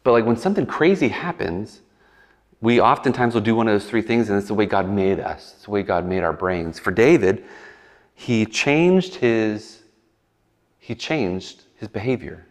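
Male pastor, lowish voice, casual conversational sermon, animated asides, echoing hall. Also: moderate pace. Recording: long hall reverb.

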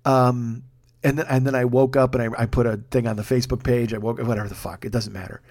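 A middle-aged man talks into his podcast mic in a quick, tumbling rush. His storytelling is casual, crude and full of self-mockery, and it wanders from point to point. His voice sits at an ordinary middle pitch. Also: fairly even intonation, a little mellow. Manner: profane, self-deprecating, rambling. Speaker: podcast host. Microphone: studio microphone.

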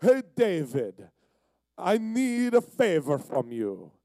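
A man's voice: high-pitched, wildly swooping pitch, slow pace, dark tone, no room sound, studio quality, pitched above the performer's own voice, exaggerated voice. A man putting on the voice of a funny Italian immigrant shop boss, cartoonish and Mario-like, with an Italian accent. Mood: jolly, demanding.

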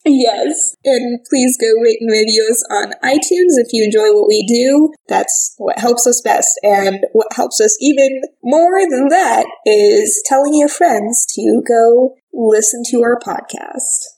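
A woman's voice: a little high, unhurried, hardly any pauses, warm tone, rough recording. Giggly woman co-hosting a podcast. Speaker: podcast co-host. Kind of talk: casual podcast chat.

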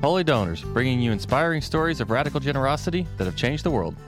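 A podcast host reading the show's outro in a put-on French accent. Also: male voice, medium pitch, animated, fast, over music, pitched above the performer's own voice, close to an everyday voice. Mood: playful. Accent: mock French.

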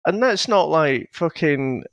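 A man's voice: fairly high pitch, expressive, takes it slowly, no room sound. A man in his thirties co-hosting a film podcast, rambling and hesitant, often chuckling as he talks. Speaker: podcast co-host. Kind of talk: casual film podcast chat.

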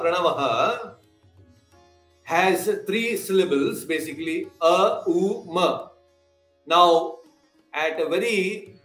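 Guy teaching scripture, a bit high voiced, repeats key words a lot, echoey room w/ soft sitar in back. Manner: explanatory, quizzes listeners, repeats key terms. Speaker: spiritual teacher. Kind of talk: scripture class lecture.

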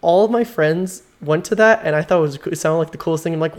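A man chatting excitedly on a podcast, swearing freely and filling with "like". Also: on the high side, quick pace. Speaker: podcast co-host. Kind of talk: casual chat.

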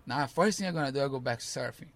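Gravelly man telling a story animatedly. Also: mid-range voice, racing, dry recording. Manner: animated storytelling, acting out voices, broken English. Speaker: podcast guest, ultrarunner. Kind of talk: casual interview chat.

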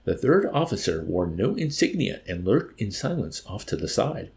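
A man narrating an audiobook with an expressive, dramatic reading. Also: on the low side, moderate pace, gravelly.

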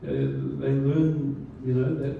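A man's voice: mid-range voice, little pitch movement, slow pace, creaky, a little hiss or hum. A man preaching a sermon as pastor, talking in a conversational way with many fillers and restarts. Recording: distant, roomy, dull church recording.

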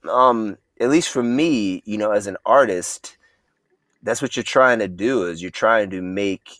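A man with a lowish voice talks as a guest on a relaxed podcast. He sounds earnest and reflective, rushing some phrases and drawing out others as his thoughts form. The sound is dry, with no room echo. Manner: earnest, reflective, speeds up and slows down mid-thought. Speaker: actor and filmmaker guest. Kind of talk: casual podcast interview.

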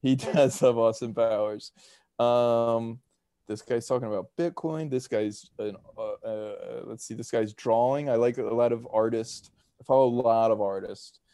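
Male podcast co-host, mid pitch, dry close sound, rambling storyteller. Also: steady tone, measured pace, dark tone, no room sound. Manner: rambling, chatty storytelling with fillers and laughs. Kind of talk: casual chat.

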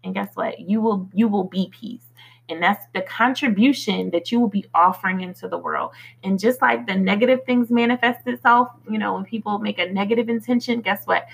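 A woman hosts a motivational podcast in a heavily gravelly, husky voice. She delivers affirmations with slow, earnest weight, then drifts into loose, conversational talk peppered with fillers. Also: mid-range voice, low-quality recording. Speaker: podcast host.

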